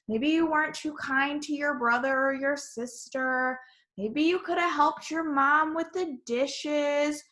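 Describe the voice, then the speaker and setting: Teacher lady talking real slow to little kids, sing-songy and encouraging, bright voice. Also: high-pitched. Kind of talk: online lesson for young children.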